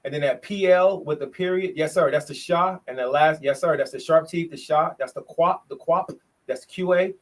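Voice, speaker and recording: Guy preaching on a bible study stream, emphatic, goes loud then quiet. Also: a little high, moderate pace. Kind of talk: livestream bible study teaching.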